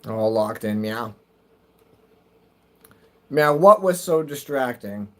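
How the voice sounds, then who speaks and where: A man live-streaming a racing game, chatting excitably to viewers and his cat. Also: mid-range voice, slow. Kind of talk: live gaming stream chat.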